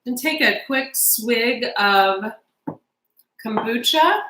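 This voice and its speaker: A woman's voice: a little high, lively intonation, takes it slowly, reverberant, background noise. Chatty emotional woman reading tarot. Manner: chatty, emotional, talks straight to viewers. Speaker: tarot reader. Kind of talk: casual tarot reading with personal storytelling.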